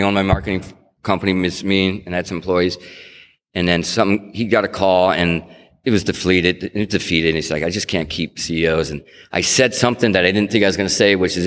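Middle-aged man, very deep voice, personal testimony, conversational storytelling, long reverb of a big hall. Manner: conversational storytelling, acts out quotes, frequent restarts. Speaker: speaker sharing his recovery story.

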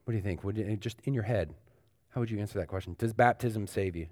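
A man's voice: fairly low pitch, fast, darkish tone, no echo. A man preaching a sermon in a church, talking conversationally with emphatic repetition and lots of loose fillers and restarts. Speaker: pastor. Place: church sanctuary.

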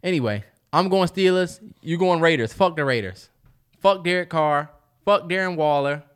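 A man co-hosting a casual sports podcast, blunt and swearing in animated banter. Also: a little high, normal speed, smooth. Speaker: podcast co-host.

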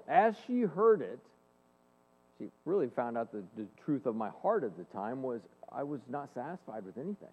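A man in his forties giving an earnest, animated faith-based talk, telling personal stories to an audience in a large hall. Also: mid-range voice, normal speed. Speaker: speaker and leadership coach. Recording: long hall reverb, phone-like band.

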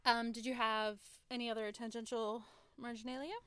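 Bright, chatty American woman co-host. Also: a little high, flat delivery, normal speed, clean tone. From Oregon, USA. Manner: enthusiastic, chatty, reads passages aloud expressively. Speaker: podcast co-host. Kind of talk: casual book discussion.

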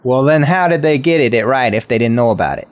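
A man's voice: medium pitch, lively intonation, fast talker. A man in a tabletop role-play, speaking in character as a brash, confused young musician, casual and profane. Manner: casual, profane, street slang. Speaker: player.

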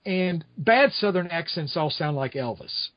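A man's voice: a little high, lively intonation, measured pace, dry recording. Rambling man chatting in dry lo-fi audio. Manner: rambling, many restarts and asides. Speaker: podcast host reviewing a musical. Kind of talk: casual chat.

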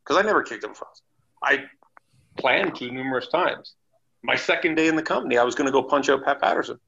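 A man with a gravelly, bright, forceful voice tells his stories bluntly and with plenty of swearing. The recording is dull and lo-fi. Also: mid-range voice, fast. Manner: blunt, profane, animated storyteller. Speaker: guest, former wrestler. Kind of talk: casual storytelling. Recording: dull lo-fi sound.

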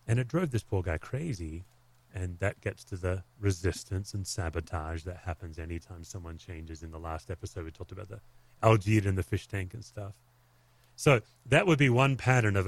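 A man's voice: sits low, moderate pace. A pastor talking on a podcast, telling candid, reflective stories from his own ministry in a conversational way.

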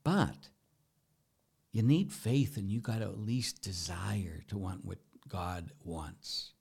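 A middle-aged Catholic priest preaching during a Q&A, emphatic, often asking rhetorical questions and swinging between loud and soft. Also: male voice, deep voice, slow, vocal fry, slightly rough.

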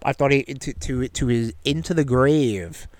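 A man's voice: mid-range voice, measured pace, dry recording. A man co-hosting a casual pop-culture chat, rambling, wry and freely profane. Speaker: podcast co-host.

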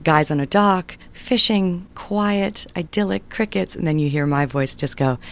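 A woman's voice: fairly low pitch, measured pace, gravelly. A middle-aged woman, a writer and performer, telling stories in a conversational interview and acting out family voices along the way. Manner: animated, acts out family voices in anecdotes.

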